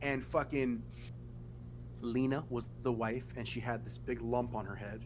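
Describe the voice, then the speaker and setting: A man hosting a podcast, telling animated, profane family stories in casual chat. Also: mid-range voice, unhurried, noisy background. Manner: animated, profane, acts out quotes. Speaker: podcast host.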